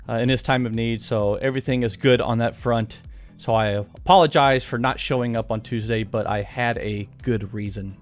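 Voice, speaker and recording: A man chatting casually on his live stream. He laughs often and pokes fun at himself, with faint music behind him. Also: medium pitch. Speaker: live streamer and course author. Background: faint background music.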